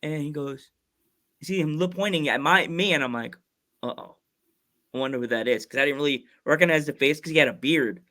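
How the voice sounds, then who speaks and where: Slightly high, bright, and forceful, this man's voice carries a meandering story as he hosts a relaxed podcast interview. He keeps breaking off and starting sentences over, and he acts out each quote.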